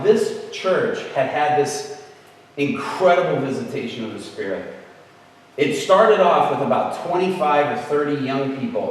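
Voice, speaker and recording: A man giving an animated, conversational storytelling sermon as a guest speaker. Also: medium pitch. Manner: animated, conversational, often laughing. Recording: echoey hall, voice far from the mic.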